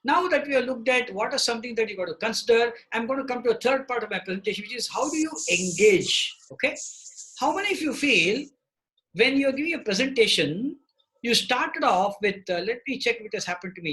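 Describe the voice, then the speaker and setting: A man's voice: high-pitched, sharp tone, low-quality recording. A man leading a live online training session over a video call, often checking in with "okay?" as he teaches. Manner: repeats "okay?" to check in with participants. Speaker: presentation trainer. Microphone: computer mic on a video call.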